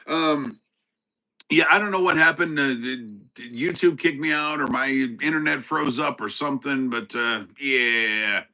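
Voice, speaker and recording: A man hosting a casual live stream with his dog, chatting with viewers by name and breaking into excited shouts. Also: medium pitch, low-quality recording. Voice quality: halting, many fillers and restarts. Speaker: livestream host with his dog.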